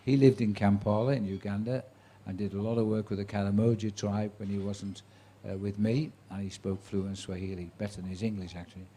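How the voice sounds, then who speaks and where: This is a seventy-something sports commentator telling a live audience about his career, with a little hiss or hum on the recording. His fairly low, dark voice stays level and runs a little fast with few pauses, and he brings dry wit and acted-out quoted voices to his chatty anecdotes.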